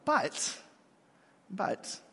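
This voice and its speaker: A man's voice: extremely slow, fairly bright tone. A man in his thirties, a pastor giving a sermon in a large hall, talking in a casual, self-mocking, conversational way.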